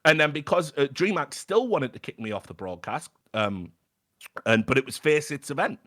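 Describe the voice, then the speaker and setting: British male guest, animated storyteller, high-ish voice, salty language. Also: moderate pace. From Britain. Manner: animated, swears freely, stammers and restarts. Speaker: podcast guest. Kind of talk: casual storytelling chat.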